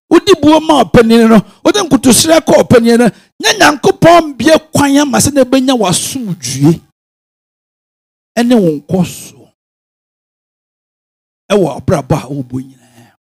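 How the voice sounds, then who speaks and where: A man with a Ghanaian accent preaching a sermon, swinging from quiet musing to sudden shouted bursts. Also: very high voice, animated, unhurried, creaky. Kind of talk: sermon mixing Twi and English.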